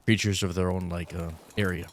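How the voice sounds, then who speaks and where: A man's voice: sits low, little pitch movement, a little fast, a little hiss or hum. A young man giving casual, rambling let's-play commentary with lots of fillers, still in his groggy morning voice. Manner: rambling, many fillers, easygoing. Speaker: gaming YouTuber.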